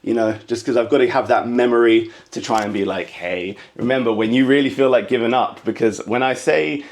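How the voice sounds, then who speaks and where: The speaker is a stand-up comedian from England delivering a rapid, lively comic story. He breaks into high mock voices along the way and speaks quickly, with an impatient edge.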